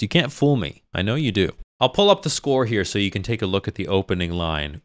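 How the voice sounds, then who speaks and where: A man in his thirties talks through a choral performance with enthusiasm, in a slightly low voice. He slows down to explain details and sings short phrases to demonstrate them. The tone is casual and analytical. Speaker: singer reacting to a choral performance.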